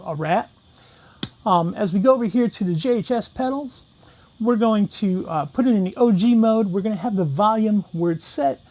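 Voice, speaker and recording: A man's voice: high-pitched, darkish tone. A man talking casually through a guitar pedal demo, walking through each knob setting step by step. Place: room with guitar gear.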